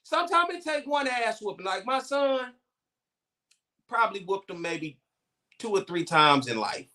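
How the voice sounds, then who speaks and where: A man with a high, bright, forceful voice talks bluntly in a casual podcast chat. He cusses freely and acts out the people in his stories. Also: unhurried. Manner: blunt, animated storytelling with profanity. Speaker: co-host.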